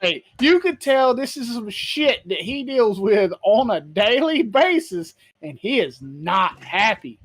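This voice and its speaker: A woman hosting a podcast, telling a story in casual chat, animated and profane, acting out what others said. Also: a little high, slow, hardly any pauses, husky, no room sound. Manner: animated storyteller, swears freely, acts out quotes; laughs while telling. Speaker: podcast host.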